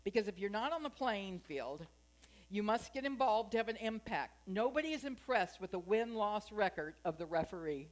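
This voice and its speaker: A woman's voice: mid-range voice, expressive, normal speed. A woman minister giving a sermon at a spiritual center, chatty and joking, asking her congregation questions.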